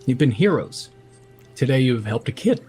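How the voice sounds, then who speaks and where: A man's voice: medium pitch, very animated, normal speed, dark tone, faint music behind. A man running a tabletop game as game master, narrating in a heartfelt, emotional way.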